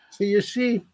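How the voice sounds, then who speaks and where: A psychic healer, appearing as an interview guest, tells chatty anecdotes, acts out the dialogue he quotes, and chuckles between stories. His voice is a little mellow, with no room sound.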